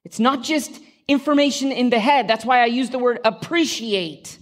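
This woman's voice is on the high side and moves at a moderate pace as she preaches to a congregation in church. She addresses listeners directly with questions and adds wry, humorous comments in a conversational manner.

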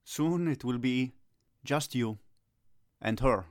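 A man's voice: mid-range voice, takes it slowly, no room sound, studio quality. A middle-aged man playing a youth soccer coach in a comedy sketch, given to gloomy melodramatic rants that flare into agitated Italian curses.

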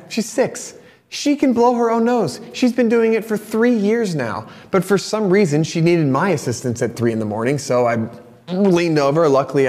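A man in his thirties, a pastor preaching a sermon through a personal story, candid and animated, sometimes turning soft and confessional. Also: mid-range voice. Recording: long reverb of a large hall.

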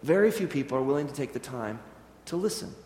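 A man's voice: medium pitch, fast, slight background noise. A man who is a Presbyterian minister, telling a story in a sermon and acting out the dialogue. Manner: animated storyteller, acts out dialogue. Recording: echoey church hall with long reverb.

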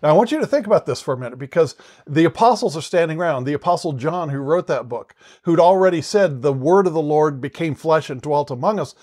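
Male Bible teacher, slightly higher register, earnest and explanatory, loose delivery with frequent restarts. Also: animated, quick pace, a little mellow.

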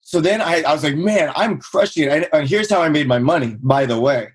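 A man's voice: fast talker, husky. A man in his thirties from Southern California, telling his own story in a casual interview and acting out quotes with a raised voice. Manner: energetic storyteller, acts out quotes in higher voice. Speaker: guest, real estate investor.

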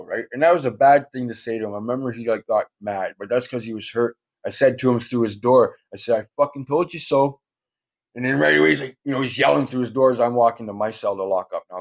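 A man's voice: mid-range voice, muffled recording. A man telling a long story in casual chat, swearing constantly, using street slang and rambling through fillers.

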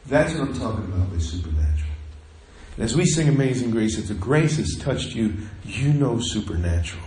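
A male pastor telling a personal story in a conversational, earnest sermon, sometimes dropping to a hush. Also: on the low side, very animated, brisk, roomy sound. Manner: earnest, conversational, drops to hushed tones. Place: church sanctuary.

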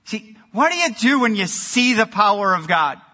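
Bright high-voiced male pastor preaching. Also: normal speed. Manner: energetic preaching, swings from loud exclamations to quiet emphasis. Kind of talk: sermon. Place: church sanctuary. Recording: long hall reverb.

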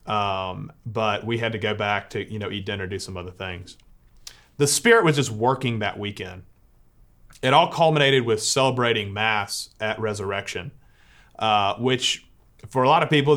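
A man's voice: lowish voice, a bit bright. A Catholic priest telling a personal story to listeners in an earnest way, often restarting as he searches for words.

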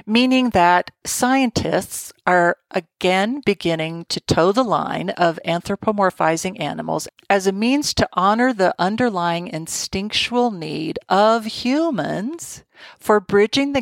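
A woman's voice: lowish voice, expressive, slow pace, gravelly, no echo. Wry woman hosting a solo podcast. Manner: wry, digressive, with joking asides. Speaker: podcast host.

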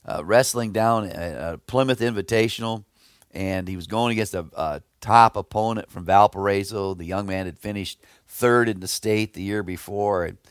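A man's voice: fairly low pitch, moderate pace, clean tone, no echo, studio quality. A middle-aged man preaching a devotional sermon, earnest and emphatic, with folksy asides and stories. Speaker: pastor.

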